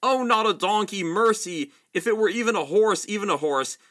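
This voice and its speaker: A man's voice: a little high, lively intonation, normal speed, bright, forceful tone. A man doing a shrieking, furious young prince. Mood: desperate. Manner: shrieking, ranting. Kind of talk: reading a novel aloud.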